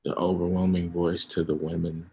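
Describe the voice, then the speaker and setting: A man hosting a livestream, talking casually and emphatically about his views and getting loud at times. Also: deep voice, monotone, moderate pace, slight background noise. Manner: emphatic, rising to loud outbursts. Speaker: livestream host. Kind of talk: casual opinion chat on a livestream.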